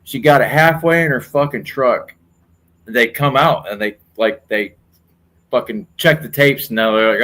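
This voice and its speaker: A man's voice: mid-range voice, normal speed, fairly bright tone. A man on a podcast telling crude stories, swearing heavily in casual chat.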